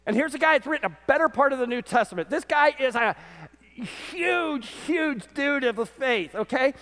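A man preaching a sermon as pastor to his congregation, animated, his voice swinging from loud peaks to quiet lows. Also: moderate pace. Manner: animated preaching, voice rising and dropping sharply. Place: church sanctuary. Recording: church sanctuary with long reverb.

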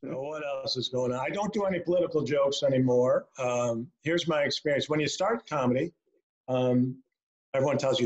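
A middle-aged man from upstate New York doing a stand-up set over a video call from home, landing punchlines dry and slowed down. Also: medium pitch, lo-fi sound. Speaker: stand-up comedian. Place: a home, indoors.

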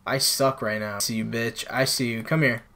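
A man's voice: medium pitch, steady tone, brisk, bright, forceful tone, slight background noise. A man commentating his own gameplay for viewers on a new microphone, frustrated and exclaiming as he plays. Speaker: gaming channel host. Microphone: new desktop microphone.

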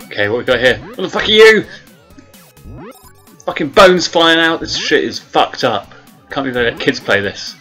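A man's voice: medium pitch, lively intonation, normal speed, pauses often, bright, forceful tone, faint music behind. A man hosting his gaming channel, swearing constantly and yelping in mock terror as he plays. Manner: swears constantly, mock-terrified yelps and groans. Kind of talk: comedic let's-play commentary.

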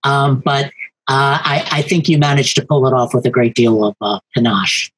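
A man hosting an interview, asking questions in a measured, slightly formal way. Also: medium pitch, level tone, fairly bright tone, husky, rough recording. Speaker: podcast host.

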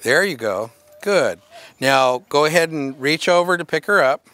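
A man's voice: fairly high pitch, animated, normal speed, bright, forceful tone. A man instructing dog show handlers at a workshop, giving plain direct commands with playful asides. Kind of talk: hands-on coaching at a workshop.

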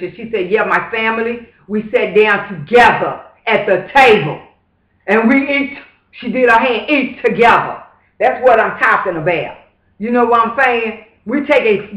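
A man's voice: high voice, sharp tone. A man talking straight to camera in a casual, preachy vlog monologue, emphatic and fervent, with repeated rhetorical asides. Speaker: vlogger. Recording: roomy echo.

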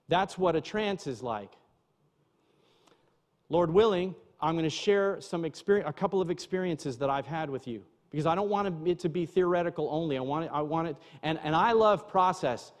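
High-voiced pastor preaching in a reverberant church. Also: male voice, expressive, moderate pace. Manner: conversational preaching, asides to the congregation. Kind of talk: sermon. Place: church sanctuary.

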